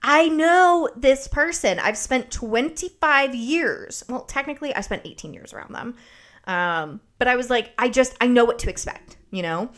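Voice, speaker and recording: A woman podcast host telling a story in casual chat, animated, sarcastic and freely profane. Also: a little high, moderate pace.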